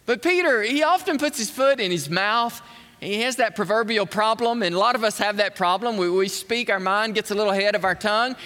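A man delivers an emphatic sermon in a high, bright voice, pressing hard on his points and throwing questions out to the congregation. Long reverb from a large hall trails behind his words. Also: a little fast. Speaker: preacher.

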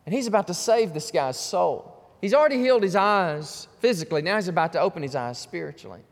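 A pastor preaching a fervent sermon, repeating himself and rising to shouts. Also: male voice, sits high, lively intonation, a little fast, gravelly. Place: church sanctuary. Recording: long reverb of a church hall.

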